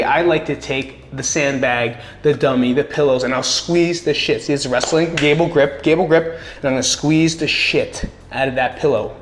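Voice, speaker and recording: Middle-aged male vlogger, earnest and blunt, cusses casually, slightly high voice, roomy echo. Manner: blunt, earnest, swears casually, repeats words for emphasis. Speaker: vlogger sharing coping tips. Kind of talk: casual personal advice talk. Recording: echoey room.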